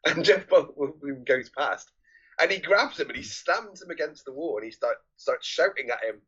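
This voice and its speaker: A man co-hosting a casual film podcast, lively, laughing often and acting out quotes. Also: on the high side, moderate pace, slightly rough. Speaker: podcast co-host. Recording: dull lo-fi mic.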